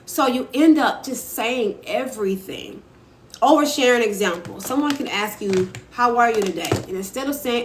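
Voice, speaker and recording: A woman's voice: fairly high pitch, normal speed. Chatty woman hosting a phone live stream. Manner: chatty, reads and answers viewer comments. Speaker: author and live-stream host. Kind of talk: casual motivational live-stream talk. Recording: echoey room with faint ambient noise.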